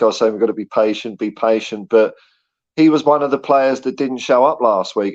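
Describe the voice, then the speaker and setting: A man giving blunt, rambling opinions as a guest pundit. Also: mid-range voice. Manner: rambling, blunt, many fillers. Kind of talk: casual chat. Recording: dull lo-fi call audio.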